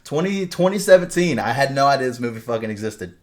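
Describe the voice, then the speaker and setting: A man co-hosting a podcast, retelling a movie plot in casual, animated talk full of swearing and fillers. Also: mid-range voice, quick pace. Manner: animated storyteller, heavy swearing, many fillers. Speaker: podcast co-host.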